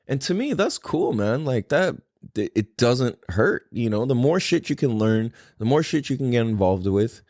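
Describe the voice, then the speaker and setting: Animated young man, casual podcast chat. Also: mid-range voice, no room sound, clean studio sound. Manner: animated, swearing, laughs a lot. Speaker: podcast host.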